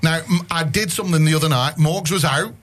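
A man's voice: a little high, fairly quick, fairly bright tone. A male radio host chatting loosely in a studio, rambling and correcting himself as he goes. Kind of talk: casual studio banter.

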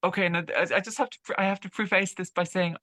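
A woman's voice: lowish voice, steady tone, a bit bright, no room sound, rough recording. A woman musician being interviewed, chatting casually and repeating words as she tells a story. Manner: halting, repeats words while telling a story. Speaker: guest musician.

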